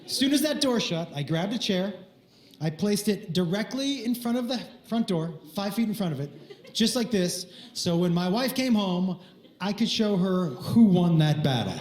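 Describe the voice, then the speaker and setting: A male stand-up comedian telling a story excitedly, laughing through his lines and acting out the sounds, on stage in a comedy club. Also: high voice, moderate pace. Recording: echoey club with crowd noise.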